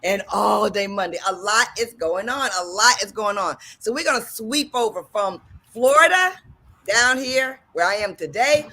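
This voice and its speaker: A woman's voice: mid-range voice, lively intonation, moderate pace, bright, forceful tone. A woman from the Washington DC area hosting a radio talk show, enthusiastic and bubbly, often repeating her phrases.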